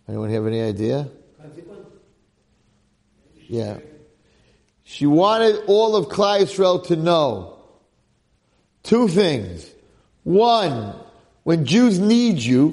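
A man giving an informal, animated Torah class to a group, talking casually and dropping in Hebrew and Yiddish terms. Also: medium pitch, vocal fry. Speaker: Torah lecturer.

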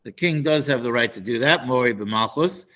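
A man teaching a Torah class, animated and prone to restarts and asides. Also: medium pitch, moderate pace. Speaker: Bible teacher.

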